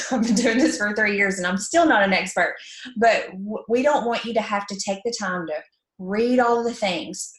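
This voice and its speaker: An upbeat woman from Alabama speaks with a warm Southern drawl, chatty and full of fillers. Her voice sits at a middle pitch, and the room around her rings with echo. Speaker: network marketing presenter. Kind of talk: casual training talk. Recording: echoey room.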